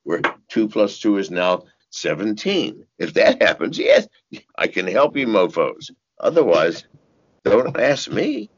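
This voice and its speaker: An older man with a deep, gravelly, husky voice, talking slowly and cursing freely. He tells his stories in bursts, with sudden leaps up in pitch and chuckles along the way. The audio is dull and lo-fi. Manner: profane, animated storytelling with sudden high shouts and laughs. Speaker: interview guest. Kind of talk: casual interview talk.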